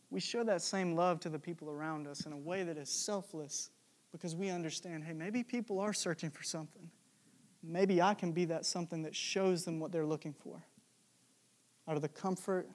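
A young man delivers a sermon as a loose, conversational story. His voice sits high for a man, and he jokes along, filling his talk with casual asides. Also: fairly even intonation, moderate pace, a little mellow. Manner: conversational, jokey, with many fillers. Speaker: preacher.

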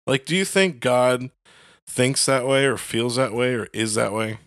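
Man, young adult, mid-range voice, animated, lots of "like", acts out voices, dry close mic. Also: medium pitch, a little slow, dry recording. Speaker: podcast co-host. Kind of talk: casual faith chat.

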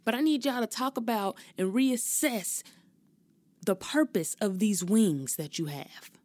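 On her own podcast, a young adult woman chats casually and expressively, ranting and cursing freely. Her mid-range voice is unhurried with a darkish tone, and the recording is dry.

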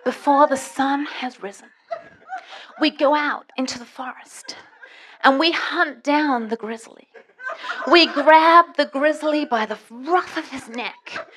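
A woman preacher voicing a boastful grizzly hunter with a Canadian accent, loud and laughing. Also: high voice, slow, a little hiss or hum, rough recording.

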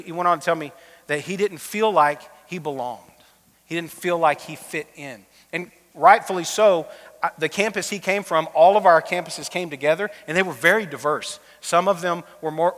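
A man preaching a sermon as a pastor, telling stories in a conversational way and sometimes dropping his voice low and soft. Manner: conversational storytelling preaching, drops to a soft quiet voice in emotional moments. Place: church auditorium. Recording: long reverb of a church hall.

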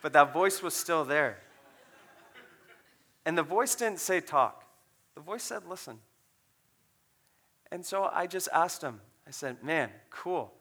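A man who is a pastor, telling a story in a sermon in a conversational, animated way with fillers. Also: a little high, measured pace, pauses often.

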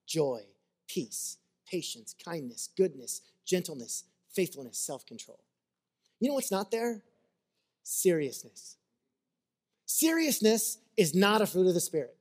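A man's voice: high voice, a little mellow. A man preaching a sermon as a pastor, earnest and conversational, mixing scripture with personal stories.

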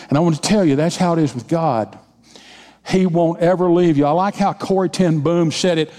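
A man's voice: a little high, moderate pace, warm tone. A man preaching a sermon as senior pastor, speaking emphatically with repeated phrases and leading the congregation in call-and-response. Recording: long reverb of a large hall.

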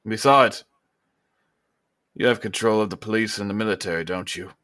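A man voicing a ruthless male governor who delivers slow, menacing speeches. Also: fairly low pitch, a bit bright, natural voice.

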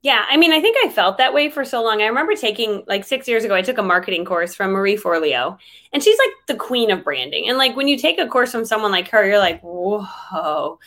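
A woman speaking as a guest in a casual interview, chatty and lively, with frequent fillers and laughs. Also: medium pitch, fast talker. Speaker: interview guest, online trainer.

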